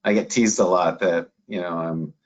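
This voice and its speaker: A man's voice: deep voice, steady tone, normal speed, a little mellow, low-quality recording. A man from northern Minnesota with a Minnesota accent, a chief medical officer speaking as an interview guest in an easygoing, folksy way. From northern Minnesota, USA. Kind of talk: conversational interview.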